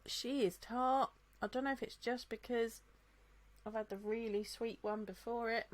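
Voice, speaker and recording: A woman co-hosting a podcast, telling stories in a relaxed way and laughing often. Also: fairly high pitch, moderate pace. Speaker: podcast co-host. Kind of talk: casual chat tasting drinks.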